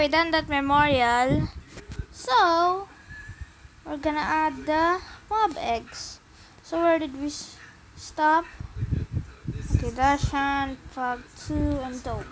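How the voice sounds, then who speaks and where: A young woman narrates her gameplay in a high, unhurried voice, chatty and easily flustered as she talks to herself. Steady noise sits behind her on a home recording. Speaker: game streamer. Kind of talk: casual gameplay commentary.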